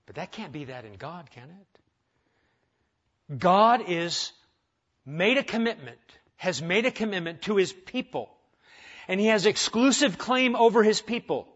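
A male pastor delivers a conversational sermon, tossing out rhetorical questions and humorous asides. His voice sits a little high for a man. The recording is dull and lo-fi. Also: expressive, unhurried, long pauses, a bit bright.

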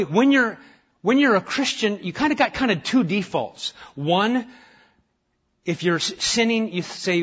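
A husky-voiced pastor delivers his sermon with fervor, hammering his points and then sinking into soft, close prayer. His voice sits a little high, and the church recording is muffled and lo-fi. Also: expressive, moderate pace. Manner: impassioned, swinging from loud emphasis to hushed, intimate prayer.

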